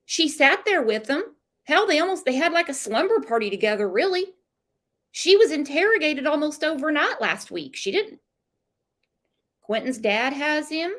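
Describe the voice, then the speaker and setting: Blunt high-voiced woman hosting a livestream. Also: sing-song, normal speed, fairly bright tone. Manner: blunt, opinionated, reads out comments. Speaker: host. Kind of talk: livestream chat with callers.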